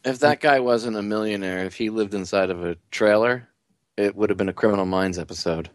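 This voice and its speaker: Give me a man co-hosting a casual podcast, blunt and excitable, with a low voice. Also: a little fast, dry recording. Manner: blunt and excitable, with stammering restarts. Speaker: co-host.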